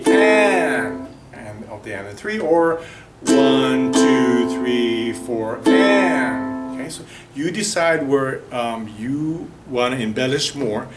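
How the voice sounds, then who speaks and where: Patient ukulele teacher counting beats. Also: male voice, medium pitch, recorded from a distance. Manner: patient, counts beats aloud while strumming. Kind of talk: music lesson. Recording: roomy echo from off-mic. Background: ukulele strumming.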